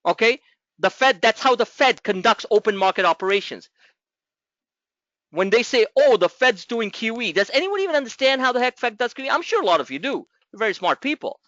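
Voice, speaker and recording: A man with a high, bright voice coaches a trading group, rambling through his points with restarts and fillers. The sound is dry and slightly muffled, with no room around it. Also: big pitch swings, brisk, no room sound. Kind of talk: market coaching session.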